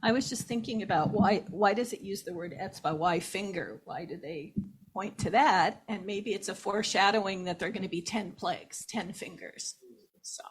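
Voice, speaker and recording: A woman's voice: mid-range voice, normal speed, breathy edge. A woman in a study class thinking aloud about why a word is used. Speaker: class participant.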